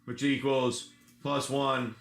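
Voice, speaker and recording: A man's voice: mid-range voice, flat delivery, slow, a bit bright, soft background music. A man running a casual tabletop-style adventure as game master, rambling with many restarts.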